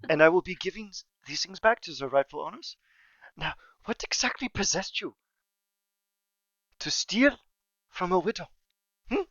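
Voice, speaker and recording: A man puts on a giant, imperious widowed Empress in a tabletop game, her lines rising and falling with lively swoops. She coaxes and threatens by turns, grand and pointed. The sound is dry and dull, like a lo-fi home mic. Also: sits high, no room sound, voice pushed up. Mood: menacing. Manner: grand, coaxing and menacing, slow pointed questions. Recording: dull lo-fi recording.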